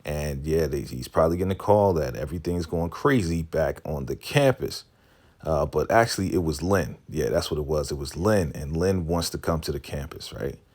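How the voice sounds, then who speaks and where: A man with a deep, low voice talks through a TV episode in a relaxed, casual way. He slips into quick impressions of the characters as he goes and laughs often. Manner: laid-back storytelling, acts out character lines, laughs often. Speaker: recap vlogger.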